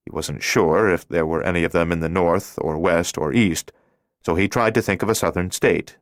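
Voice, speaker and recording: A man narrating a thriller audiobook in a steady, measured reading voice. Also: low-pitched, no echo, studio quality. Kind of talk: scripted narration.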